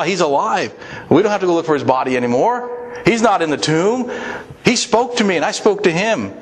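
Earnest middle-aged male pastor preaching. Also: medium pitch. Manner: earnest, conversational preaching with repetitions. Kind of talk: sermon.

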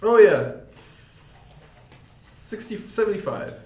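A man with a fairly high, lively voice plays a tabletop game, talking very slowly and haltingly. He is recorded in an echoey room with steady noise behind him. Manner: slow, halting with filler sounds. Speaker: player. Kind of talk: casual tabletop play.

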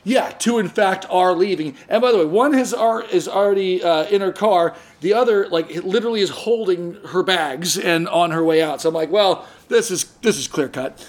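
A man with a fairly high voice tells a story on a casual podcast. He is animated, jumps into the voices of the people in the story, and trips over his words as he goes. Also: normal speed, few pauses. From San Diego area. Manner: animated, acts out quoted voices, frequent restarts. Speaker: podcast host.

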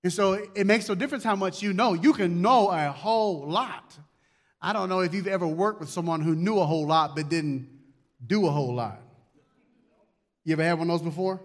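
High-voiced man preaching a sermon. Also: fairly quick. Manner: conversational preaching with acted asides and repetitions. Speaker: pastor.

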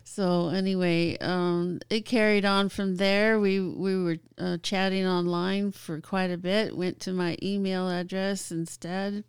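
A woman telling a personal story as a guest in casual chat, halting with fillers and laughing often. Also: fairly low pitch, flat delivery, clear, resonant tone, no room sound.

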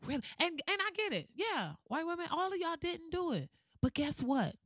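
A woman hosting a podcast who rants in a blunt, profane, sarcastic and animated way. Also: very high-pitched, normal speed, no echo, studio quality. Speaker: podcast host. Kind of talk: podcast rant.

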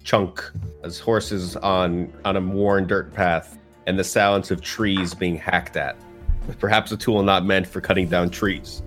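A man narrating a tabletop game as game master, relaxed and halting, with fillers. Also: deep voice. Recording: faint background music.

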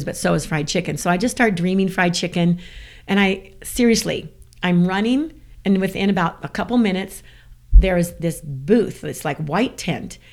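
Animated woman from the American South. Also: medium pitch. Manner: animated, laughs often while telling a story. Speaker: guest. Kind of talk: casual storytelling.

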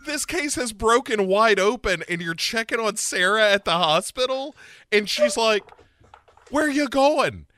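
A man's voice: sits high, expressive, moderate pace, pushed and bright, a little hiss or hum. A man in casual chat recapping a TV show, acting out the scenes in playful put-on voices. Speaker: podcast co-host.

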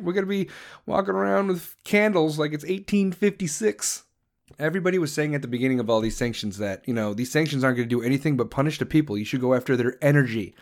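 A man's voice: a little high, fast. A man hosting a profane political rant, crude, heated and sarcastic. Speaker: commentator host.

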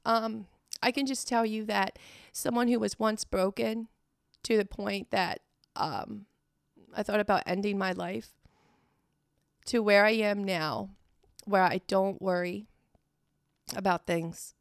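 Middle-aged woman guest, gravelly mid-pitched voice, dry close sound; halting, emotional personal story. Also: fairly even intonation, dry recording. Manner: halting, tearful storytelling with many fillers. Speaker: guest sharing her testimony.

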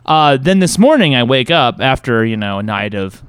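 A young man talks casually and loosely on a podcast, often restarting his thoughts. His voice comes through smooth and clear. The sound is dry and close with little room around it. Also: medium pitch, sing-song, normal speed, no echo. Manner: rambling, restarts sentences, swears casually. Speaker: podcast co-host. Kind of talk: casual chat.

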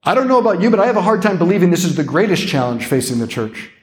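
A young adult man, a priest, giving an animated, conversational keynote with playful asides. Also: sits high, racing. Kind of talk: keynote talk.

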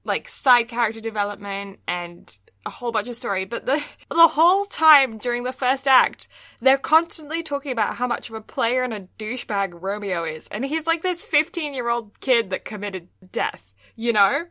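A woman's voice: a little high, lively intonation, moderate pace, pushed and bright, no room sound, clean studio sound. A young woman co-hosting a casual podcast chat, ranting with lots of fillers and laughs. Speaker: podcast co-host.

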